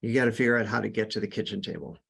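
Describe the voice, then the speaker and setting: A man's voice: lowish voice, rapid-fire, gravelly, a bit bright, husky. A man hosting a podcast, giving earnest, casual sales coaching with frequent restarts. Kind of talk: casual instructional talk.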